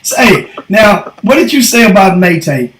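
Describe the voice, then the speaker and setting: A man co-hosting a casual sports talk show, teasing with rapid-fire questions. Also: high voice, sing-song, roomy sound, crowd noise, poor audio. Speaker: co-host.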